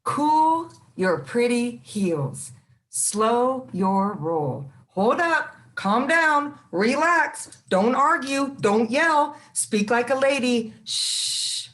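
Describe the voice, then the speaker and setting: A woman's voice: on the high side, animated, drawn-out words, a bit bright. Woman reciting rhythmic spoken word. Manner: rhythmic, list-like delivery. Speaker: open mic poet.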